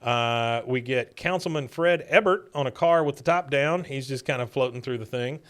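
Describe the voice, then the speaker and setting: Smooth-voiced man recapping a cartoon. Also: medium pitch, moderate pace. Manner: loose retelling with many fillers, acting out quoted lines. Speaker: podcast host. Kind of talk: casual episode recap.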